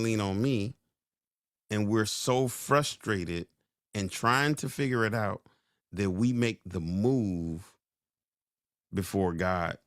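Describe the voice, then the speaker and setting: A man hosting a podcast, giving a sermon-like motivational talk, slowing down and repeating key lines for emphasis. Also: on the low side, a bit bright, no echo, clean studio sound. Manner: slow, drawn-out emphasis. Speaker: podcast host.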